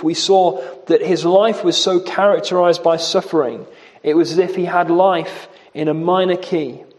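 A man preaching an expository sermon, slowing down to stress quoted scripture and repeating key words for emphasis. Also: fairly high pitch, darkish tone.

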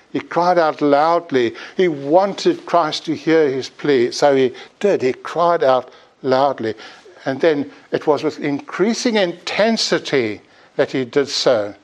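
A male preacher delivers a sermon at an unhurried, deliberate pace. His voice sits in an ordinary middle pitch. He speaks earnestly and pleads with his hearers, pressing harder as he makes his point. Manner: earnest, pleading exhortation with rising emphasis.

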